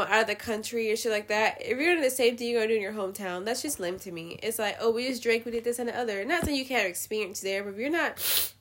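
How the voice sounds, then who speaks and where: A woman hosting a show, giving blunt, profane opinions in a casual, animated rant. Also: on the high side. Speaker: podcast host.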